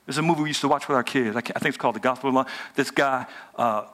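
Bright-voiced, lively preacher man. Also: mid-range voice, racing. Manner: animated, joking, colloquial, talks with the audience. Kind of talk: lively sermon. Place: hotel event room before a live audience.

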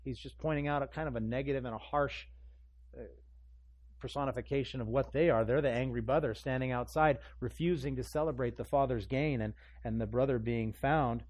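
Male pastor delivering a lively sermon, mid-range voice, swells in volume for emphasis and plays the characters he quotes. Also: mid-range voice, brisk, no room sound. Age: adult parent. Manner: animated, acts out scripture voices, rising emphasis.

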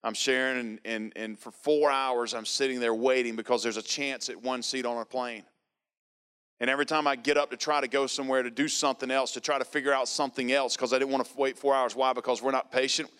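A man's voice: medium pitch, fairly even intonation, brisk, a bit bright, smooth. A man preaching, telling a personal testimony emphatically, with lots of repetition. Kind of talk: sermon testimony.

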